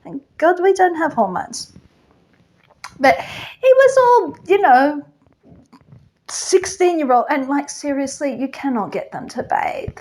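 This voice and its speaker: A woman's voice: high-pitched, sing-song, slow, pauses often, a little mellow, heavily acted. A woman playing a flippant, gossipy goddess queen of the underworld in a chatty comic monologue full of "like" and "you know".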